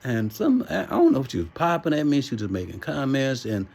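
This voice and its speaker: A man with a gravelly, husky voice tells a long personal story in a loose, rambling way. He swears freely and keeps circling back with "you know what I'm saying", and his pitch sits in an ordinary middle range. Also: wildly swooping pitch, fast, a little mellow. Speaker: vlogger telling a personal story. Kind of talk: casual storytelling monologue.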